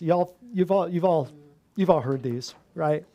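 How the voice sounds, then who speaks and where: A man presenting a class as host, energetic and wry, laughing at the claims he lists. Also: on the high side, normal speed. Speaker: chiropractor host of a natural health class.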